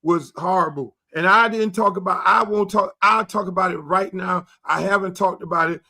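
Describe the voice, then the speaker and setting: A middle-aged man hosting a sports talk show, animated and profane, acting out quoted dialogue as he rants. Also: sits high, normal speed, creaky. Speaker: show host.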